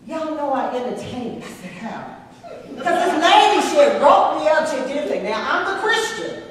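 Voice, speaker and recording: Texan woman elder, animated sermon storyteller, distant mic in a roomy church. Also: high voice, fairly quick. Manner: animated storytelling, calls to the congregation. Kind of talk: sermon with personal testimony. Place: church sanctuary. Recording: echoey church hall from far off.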